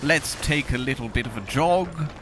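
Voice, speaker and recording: A man's voice: mid-range voice, normal speed, a bit bright, a little hiss or hum. A man hosting comedic gameplay commentary in a theatrical, pompous manner. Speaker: gaming host in character. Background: game music and sounds.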